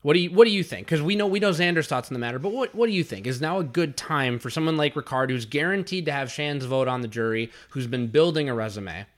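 A man's voice: fairly high pitch, lively intonation, fast, hardly any pauses. A man co-hosting a podcast, talking casually and analytically about a reality competition episode, with frequent restarts. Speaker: podcast co-host. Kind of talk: casual reality-show discussion.

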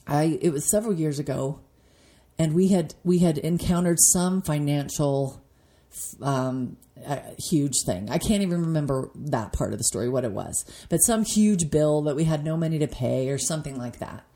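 A woman's voice: low voice, animated, moderate pace, dark tone. A woman in her forties giving an earnest devotional talk with a personal story, getting emotional at times. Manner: earnest, emotional, voice rising when moved. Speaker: podcast host teaching devotionally.

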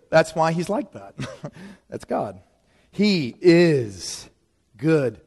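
A man preaching a sermon in a lively, conversational way, leaning on dramatic pauses. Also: fairly high pitch, gravelly, slightly rough. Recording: long reverb of a large hall.

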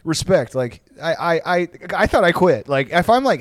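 A man's voice: a little high, big pitch swings, normal speed, few pauses, no room sound, clean studio sound. A young man, telling rambling, profane stories as a podcast co-host in casual chat. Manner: laid-back, profane, rambling storyteller.

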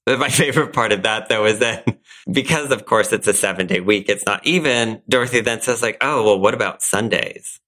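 A man co-hosting a podcast, recapping a sitcom episode in casual, animated chat and laughing often. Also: fairly low pitch, a little fast. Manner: animated storytelling, frequent laughs. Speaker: podcast co-host.

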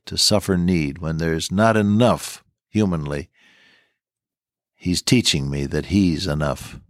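A man's voice: low-pitched, slow, dry recording, studio quality. An older man teaching the Bible on the radio, folksy and earnest, repeating his key lines. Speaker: radio preacher.

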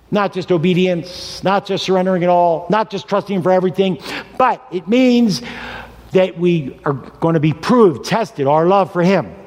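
A man in his sixties preaching a sermon, telling stories with animated delivery and acting out the characters' lines. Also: sits high. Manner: animated storytelling, voices the characters. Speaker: pastor. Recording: reverberant hall.

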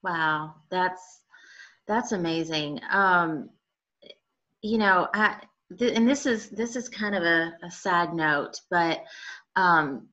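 A woman from the American South interviewing a guest, affirming his points and asking halting questions. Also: lowish voice, pushed and bright. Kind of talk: interview, conversational. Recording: dull lo-fi remote audio.

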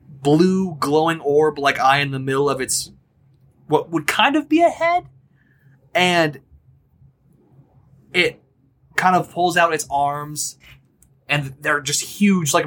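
A man narrating a tabletop game as game master, casual and unhurried. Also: a little high, fairly bright tone. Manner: casual, unhurried, laughs easily.

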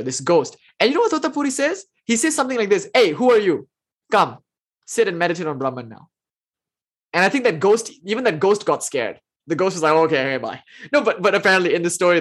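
A man giving a casual spiritual storytelling talk, chatting with his listeners and livening up the people in his tales. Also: sits high. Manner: conversational, often checks in with the listeners. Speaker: speaker telling spiritual stories.

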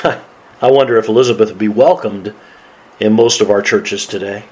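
A man's voice: on the low side, fairly quick, low-quality recording. A man preaching as a pastor, reading scripture aloud and laughing often. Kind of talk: sermon.

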